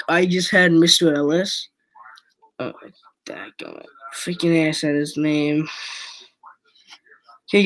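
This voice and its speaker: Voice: medium pitch, a bit bright, rough recording. A young teen vlogger telling a school story in a rambling, casual way, dropping "freaking" into nearly every sentence.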